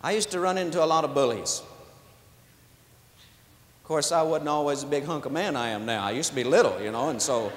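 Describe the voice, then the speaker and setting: Man preaching, folksy storyteller, slightly high voice, big reverberant hall. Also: brisk, pauses often. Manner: shouting, rising exclamations; folksy storyteller, drawling asides. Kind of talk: sermon with storytelling. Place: large convention hall. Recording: echoey hall, long reverb.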